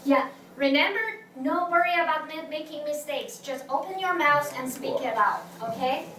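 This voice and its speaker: A woman's voice: sits high, normal speed, sharp tone. A woman teaching a language class, patient and full of restarts, singing tones for students to repeat. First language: Mandarin Chinese. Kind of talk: classroom teaching, call and response. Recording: echoey classroom from far off, noisy.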